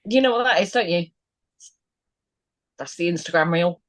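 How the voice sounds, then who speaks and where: A woman co-hosting a podcast, throwing in quick jokes in casual chat. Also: fairly low pitch, no room sound, clean studio sound. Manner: quick jokey interjections. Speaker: podcast co-host.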